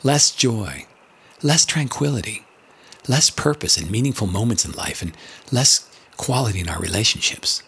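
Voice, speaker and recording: A man's voice: lowish voice, lively intonation, normal speed, gravelly, fairly bright tone, husky. An older man narrating in a reflective, scripted way, earnest and building rhetorical lists.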